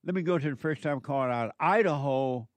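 A man's voice: on the high side, fast talker, no room sound. A man hosting call-in talk radio who preaches emphatically and repeats his points for effect. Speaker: radio talk show host.

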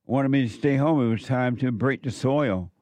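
A man's voice: medium pitch, normal speed, a little mellow, dry recording. A man hosting a commentary show, preaching emphatically and telling stories from his youth. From southern United States. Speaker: commentary host.

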